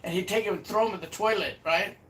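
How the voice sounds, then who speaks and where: High-voiced man, off-mic. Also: fast, a bit bright, recorded from a distance, poor audio. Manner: brief agreeing replies, chuckles. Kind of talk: casual chat. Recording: off-mic with faint background noise.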